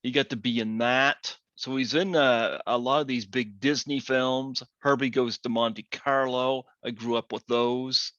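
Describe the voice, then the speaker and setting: A man in his forties hosting an interview, talking slowly with many fillers and pauses. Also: mid-range voice, fairly even intonation, a bit bright, no room sound. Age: 40s. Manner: slow, halting, many fillers. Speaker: podcast host. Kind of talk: casual interview. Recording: dull lo-fi sound.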